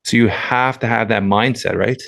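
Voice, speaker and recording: A man's voice: fairly low pitch, steady tone, moderate pace, creaky, fairly bright tone. A man hosting a podcast, talking in an earnest, reflective way and often restarting his sentences. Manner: earnest and reflective, with many repeated starts. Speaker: podcast host. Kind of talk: casual chat.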